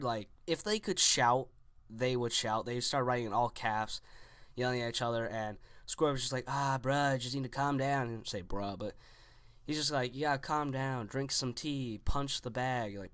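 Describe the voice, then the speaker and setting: A man's voice: medium pitch, a bit bright, no room sound. A young man in his teens casually telling a story, rambling with lots of "like" and restarts.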